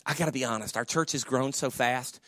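A man preaching as a pastor, telling humorous stories and loudly acting out the voices of people he quotes. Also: mid-range voice, a little fast, no echo, studio quality. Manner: animated storyteller, acts out quoted voices loudly.

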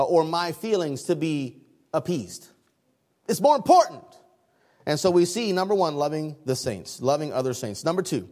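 A man preaching a sermon, lively and conversational, laughing often and acting out people's reactions. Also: high-pitched. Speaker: pastor.

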